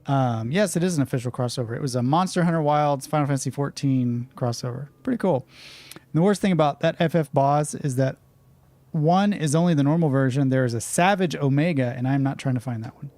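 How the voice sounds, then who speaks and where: A man's voice: medium pitch, brisk, darkish tone, no echo. A man hosting a live gameplay stream, giving casual, wry commentary and chatting with viewers. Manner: casual, wry, chatty, reacts and answers chat. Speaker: streamer host.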